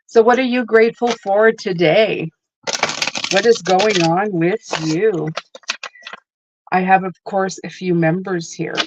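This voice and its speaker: A woman's voice: mid-range voice, slow pace, long pauses, lo-fi sound, noisy background. A woman hosting a tarot live stream, talking in a chatty, rambling way with lots of asides. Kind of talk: casual live-stream chat.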